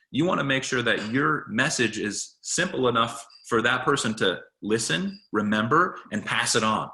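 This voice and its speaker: A man's voice: medium pitch, expressive, normal speed, hardly any pauses, sharp tone. A man coaching presentation skills in a casual, conversational talk, often restarting his sentences. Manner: conversational, with frequent restarts and fillers.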